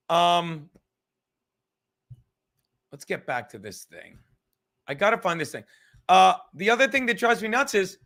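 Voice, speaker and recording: His voice high, pushed and bright, a podcast host runs a livestream in a loose, wandering, foul-mouthed style. Along the way he reads out comments from the chat.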